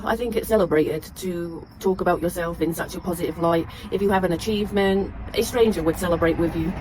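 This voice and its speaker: A woman's voice: on the low side, a little mellow, a little hiss or hum, low-quality recording. An English woman who moved abroad, reflecting earnestly in a casual vlog. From England.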